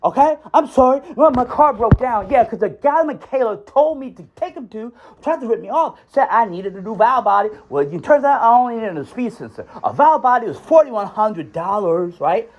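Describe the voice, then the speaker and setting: Speaking brisk and animated with hardly any pauses, a man with a very high, slightly mellow voice rants on a recorded phone call. A former schoolteacher, he rambles angrily, often asking "right?" and saying "dude."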